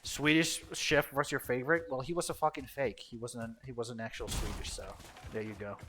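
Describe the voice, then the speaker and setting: A man's voice: medium pitch, steady tone, brisk, background noise. A man chatting casually while streaming a game, rambling and swearing bluntly. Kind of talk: casual gameplay chat.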